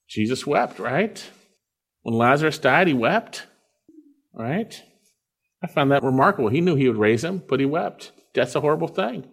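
A man preaching an earnest sermon, reading scripture aloud and explaining it, rising on key phrases and dropping quiet to stress others. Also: mid-range voice. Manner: earnest, swells loud on key phrases then drops quiet.

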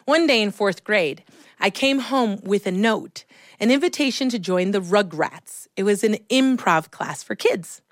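Animated woman telling a childhood story. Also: mid-range voice, measured pace, no room sound, clean studio sound. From Chicago. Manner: expressive, animated, acts out voices. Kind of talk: personal storytelling.

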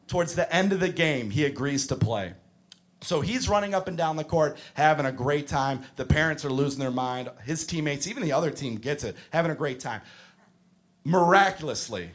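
Man, stand-up comedian, high voice, animated storytelling, shouts the punchlines.

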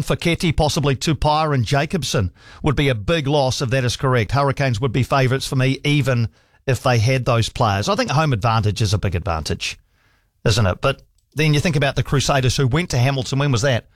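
A man's voice: medium pitch, a little fast, dry recording, clean studio sound. A man hosting sports talkback radio, chatting easily with callers and reading out messages. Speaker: radio sports talk host.

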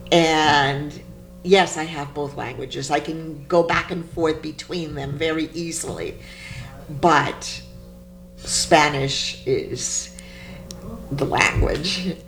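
A woman poet being interviewed, telling stories in an animated, emphatic way. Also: deep voice. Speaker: poet guest. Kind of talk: interview conversation.

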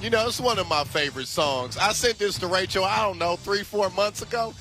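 A man co-hosting a sports radio show, easygoing and quick to agree and laugh along. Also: high-pitched, sharp tone, faint music behind. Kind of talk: casual sports talk.

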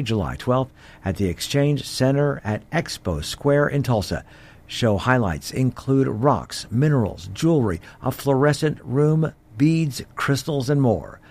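A man announcing for a radio station, briskly reading out an events calendar. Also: mid-range voice, a little mellow. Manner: brisk scripted read.

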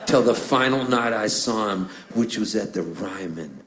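A man's voice: on the low side, expressive, normal speed, poor audio. A middle-aged singer-songwriter telling playful, rambling stories between songs on a live stage, laughing as he goes. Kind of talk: onstage storytelling.

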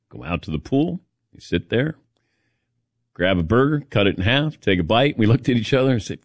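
Man telling animated stories on sports radio. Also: lowish voice, fairly quick, dry recording, studio quality. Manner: animated storyteller, acts out quotes. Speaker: radio show host. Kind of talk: casual sports radio chat.

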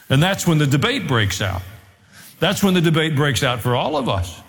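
A man's voice: lively intonation, a little fast, a bit bright. A male pastor preaching a sermon, with humorous asides and rising emphasis as he goes. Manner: preaching, growing more emphatic and raised in pitch. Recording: long hall reverb.

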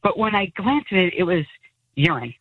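A woman's voice: lowish voice, sing-song, normal speed, husky, dry recording. Casting: female radio caller, rambling storyteller, dry muffled phone sound. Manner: rambling, self-deprecating storytelling. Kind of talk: radio call-in anecdote. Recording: dull lo-fi phone line.

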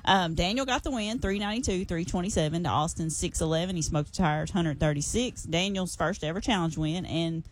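A woman giving a chatty, excited racing report on the radio. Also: fairly low pitch, brisk, hardly any pauses, slight background noise.

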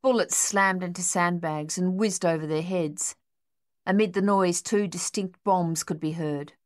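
Woman narrating an audiobook, low and dry. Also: a little slow, dry recording.

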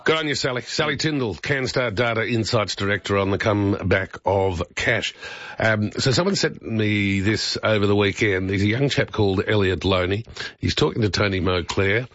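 A man hosting breakfast radio, relaxed and joking. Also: on the low side, moderate pace, dry recording, highs cut off. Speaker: radio host.

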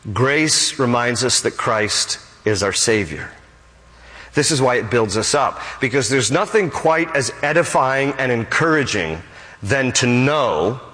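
Bright, emphatic male preacher. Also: mid-range voice. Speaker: pastor. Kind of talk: sermon. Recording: echoey church hall.

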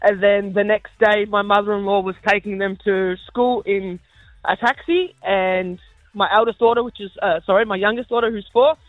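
A man's voice: high voice, steady tone, normal speed, no room sound, phone-quality sound, faint music behind. A man with an Australian accent calling in to tell a story about his young daughter. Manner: storytelling, self-correcting. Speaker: caller.

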